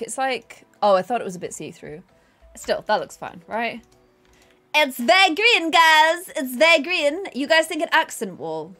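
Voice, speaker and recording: Bubbly woman streaming a game. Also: fairly bright tone. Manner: chatty, bubbly, talks to her pets in a high baby voice. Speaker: streamer playing a life sim game. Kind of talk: casual live-stream chat. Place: home desk.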